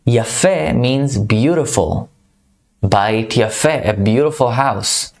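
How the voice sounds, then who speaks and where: A man's voice: mid-range voice, lively intonation, slow pace. A man teaching a beginner vocabulary lesson, repeating each word several times. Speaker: Hebrew teacher.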